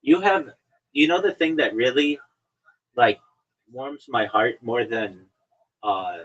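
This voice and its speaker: A man's voice: mid-range voice, slow pace, a bit bright, breathy edge. A man hosting a podcast over an online call, chatting casually and teasing his guest in a mock-lecturing way. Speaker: podcast host. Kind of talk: casual chat. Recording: dull lo-fi stream audio.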